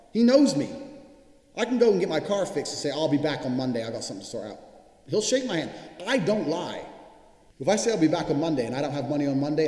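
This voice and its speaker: A man delivering a motivational monologue, blunt and profane, with hard emphasis on his points. He talks quickly and his voice rings with a long, roomy reverb. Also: medium pitch, warm tone. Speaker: motivational speaker. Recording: echoey, reverberant room sound.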